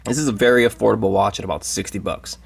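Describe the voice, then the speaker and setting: A man casually reviewing a watch in a vlog. He talks in an easygoing, halting way with many fillers. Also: fairly low pitch, steady tone, vocal fry, slightly rough.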